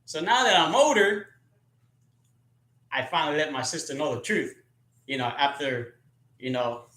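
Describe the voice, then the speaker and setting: A man's voice: a little high, bright, forceful tone, echoey room. Joking, cursing man telling stories. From California. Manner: rambling, profane and joking. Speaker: live stream host. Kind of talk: casual storytelling.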